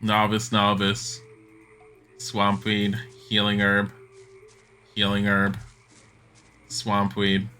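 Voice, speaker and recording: A man's voice: fairly low pitch, monotone, drawn-out words, pauses often, pushed and bright, slight background noise. A man streaming a video game live, chatty and sarcastic, laughing at what happens on screen. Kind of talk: live gaming commentary.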